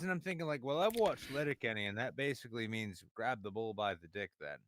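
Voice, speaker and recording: A man's voice: mid-range voice, expressive, fast, a bit bright, slight background noise. A man joking on a live stream with exaggerated, playful outbursts. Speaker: stream co-host. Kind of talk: casual comedic banter.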